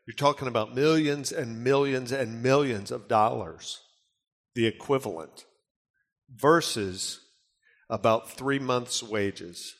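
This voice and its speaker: A man's voice: medium pitch, takes it slowly. A man preaching a sermon in an earnest, conversational way, with casual asides to the congregation. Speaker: pastor. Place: church. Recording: long church reverb.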